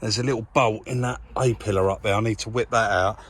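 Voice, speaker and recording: A man from England in a car workshop, talking casually to camera as he cleans a car, relaxed and chatty, calling viewers "guys". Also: fairly low pitch, quick pace. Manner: chatty, relaxed, says "crack on" and "guys" often. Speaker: car rebuild vlogger.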